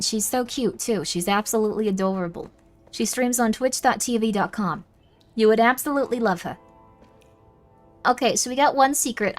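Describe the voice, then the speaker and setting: Young woman streamer chatting w her chat while she plays, kinda high voice, faint music under. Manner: chatty, reacting aloud to chat and muttering to herself. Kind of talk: casual livestream chat while gaming.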